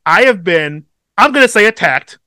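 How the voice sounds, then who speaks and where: A man co-hosting a podcast, telling a story in casual chat, swearing constantly and animated. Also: sits high, moderate pace, no echo, clean studio sound. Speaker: podcast co-host.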